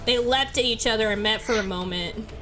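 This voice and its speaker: A woman's voice: a little high, brisk, over music. A woman playfully reading a visual novel aloud as a let's play host, often breaking into giggles. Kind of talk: narrating a visual novel, casual chat.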